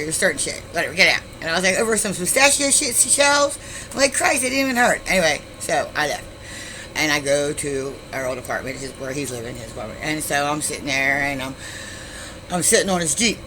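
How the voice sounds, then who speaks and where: A woman's voice: sits low, pushed and bright, slight background noise, low-quality recording. A middle-aged woman casually telling a story to her YouTube viewers, rambling and blunt, swearing freely with many asides.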